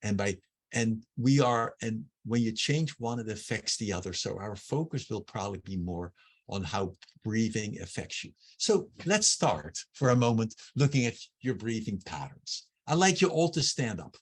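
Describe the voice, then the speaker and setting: A man's voice: lowish voice, sing-song, moderate pace, husky. Man leading an online breathing workshop. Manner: conversational, with frequent restarts and lists. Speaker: workshop facilitator. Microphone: video call.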